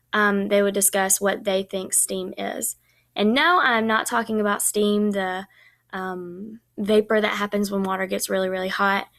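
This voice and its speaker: A young woman talks through a recorded class presentation in a casual, chatty way, full of ums. Her voice sits at a middling pitch and has a slightly gravelly edge. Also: a bit bright. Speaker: student teacher presenting.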